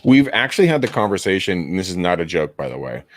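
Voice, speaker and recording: A man in his thirties, a real estate agent hosting a casual call session, telling stories with profanity and loud laughter. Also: deep voice, very animated, quick pace. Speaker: real estate agent hosting a live cold-calling stream. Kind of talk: casual chat, storytelling.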